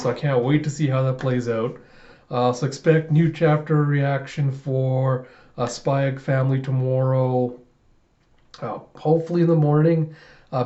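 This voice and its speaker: A man's voice: medium pitch, dark tone. A young man hosting a casual reaction video, chuckling often and filling with uhs. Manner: chuckling, many fillers. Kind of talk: casual chat. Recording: slightly muffled lo-fi audio.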